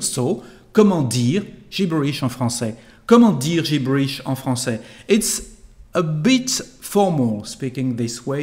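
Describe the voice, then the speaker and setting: Tutor man explaining phrases. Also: medium pitch. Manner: clear, deliberate explanation with repeated model phrases. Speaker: online French tutor. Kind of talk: language lesson.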